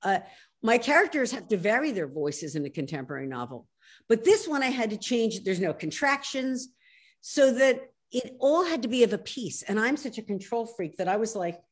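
Author guest: woman, 60s, Philly accent, animated and emphatic talker on a video call, mid-pitched. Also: moderate pace. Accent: Philadelphia. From Philadelphia. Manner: animated, emphatic, self-interrupting.

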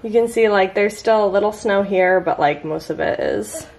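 A woman's voice: mid-range voice, normal speed, a little mellow, a little hiss or hum. A young woman casually chatting in a home vlog, with lots of "like" and "um" fillers. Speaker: vlogger and mother. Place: family home indoors.

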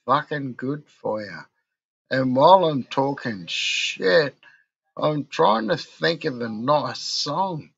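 A man's voice: a little high, animated, slow pace, gravelly, a bit bright, breathy edge, lo-fi sound. A drunk man with an Australian accent, rambling and ranting in a crude, swearing monologue for his vlog. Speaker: vlogger.

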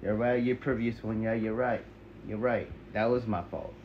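A man's voice: fairly low pitch, steady tone, muffled recording, a little hiss or hum. A man in a self-dialogue skit, frustrated and swearing, breaking off and restarting his sentences. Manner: frustrated, profane, halting restarts. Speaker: skit creator.

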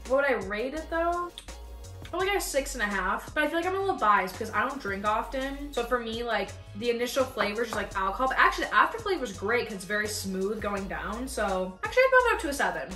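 A woman's voice: a little high, sing-song, fast talker, pushed and bright. A young woman chatting casually and bluntly as she taste-tests food for her vlog. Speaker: vlogger. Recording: echoey room, mic at a distance. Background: faint music.

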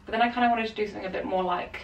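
A woman's voice: medium pitch, steady tone, very fast, distant mic. Chatty young woman, roomy and off-mic. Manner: chatty, lots of "like" fillers, laughing often. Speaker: vlogger styling her friend. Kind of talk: casual chat. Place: indoors at home by a wardrobe. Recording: roomy, off-mic, faint room hum.

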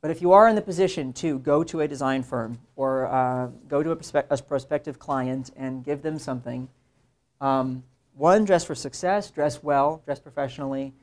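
A young man, a working illustrator, lectures a room of students in an easygoing, conversational way. He keeps things animated and now and then mimics other people's voices in quick asides. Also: mid-range voice. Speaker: illustrator giving a talk to students. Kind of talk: casual classroom lecture.

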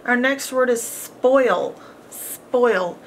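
A woman's voice: fairly high pitch, slight background noise. A woman teaching a phonics lesson, patiently sounding out each word and repeating it with encouragement. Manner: sounds out words slowly, repeating each one. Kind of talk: slow, deliberate phonics lesson.

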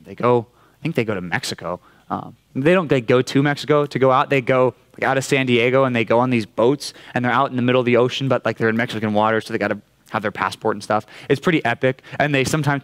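A young man with a Californian accent preaching a casual sermon to a youth group, conversational and often checking in with "right?". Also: medium pitch. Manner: conversational, keeps asking "right?". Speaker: youth pastor. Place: church youth room.

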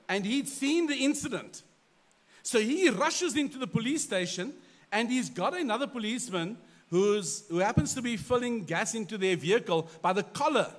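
A middle-aged man with a fairly high voice preaches a sermon. He tells a story from his own life in an animated way. He pokes fun at himself as he goes. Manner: animated storyteller, self-deprecating. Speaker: pastor.

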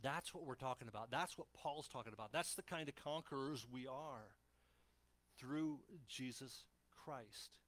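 A man preaching a sermon as pastor, animated and playful, with frequent restarts as he acts out Bible scenes in voices. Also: mid-range voice, a little slow.

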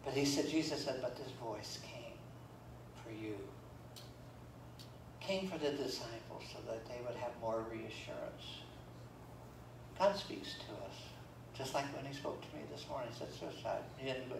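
Folksy pastor preaching in an echoey church. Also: male voice, mid-range voice, moderate pace, creaky. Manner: folksy, joking asides between scripture readings. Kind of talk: sermon. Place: church sanctuary. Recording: roomy church echo, from far off, faint room noise.

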